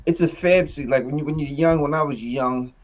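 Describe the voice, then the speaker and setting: A man's voice: a little high, brisk, dull audio. Boisterous man telling crude stories. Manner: boisterous, swears freely, laughs through stories. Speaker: podcast host. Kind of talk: crude casual storytelling.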